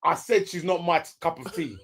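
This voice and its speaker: A man's voice: a little high, a little fast, gravelly, fairly bright tone. A man co-hosting a casual chat, teasing and blunt. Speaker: co-host reviewing a reality show.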